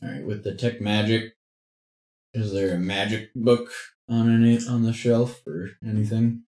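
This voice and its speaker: Low voiced guy at a tabletop game, chatty, echoey room. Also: little pitch movement, normal speed, a little mellow. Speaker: player.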